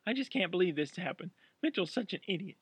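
A man's voice: high voice, sing-song, fast talker, a bit bright, slightly rough, dry recording, pitched above the performer's own voice, full character voice. A man voicing a tearful, anxious young woman in a storybook reading. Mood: upset. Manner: anxious, pleading.

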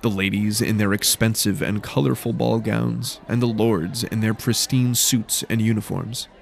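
A man reading a fantasy story aloud in a measured, steady, descriptive narration. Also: fairly low pitch, gravelly.

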